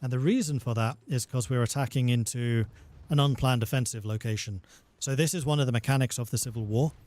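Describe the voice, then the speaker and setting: A man's voice: mid-range voice, brisk, a little mellow. A male game developer explaining a strategy game step by step on a livestream, patient and methodical.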